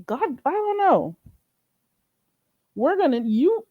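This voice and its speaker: A woman's voice: high-pitched, big pitch swings, slow, breathy edge, no echo, lo-fi sound. A woman hosting her own livestream, ranting bluntly and mockingly at a viewer. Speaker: channel host. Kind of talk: livestream rant.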